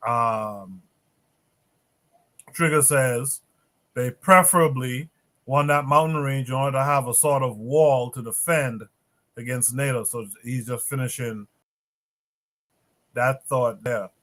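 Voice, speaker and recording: A man hosting a livestream panel, reading viewer comments aloud in a steady way with hesitant fillers. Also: mid-range voice, slow, pauses often. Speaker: livestream podcast host.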